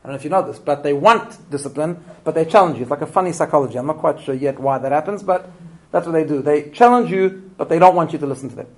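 A man's voice: a little high, fast, rough recording. A middle-aged man giving a live parenting talk to an audience, telling stories with restarts and asking the room questions. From immigrant to Australia. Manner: animated storytelling with restarts and rhetorical questions. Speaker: parenting lecturer.

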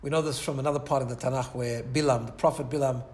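A man's voice: medium pitch, steady tone, fast talker, a little mellow. Earnest man telling a sermon story. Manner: earnest, repeats words while telling a story. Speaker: Torah teacher.

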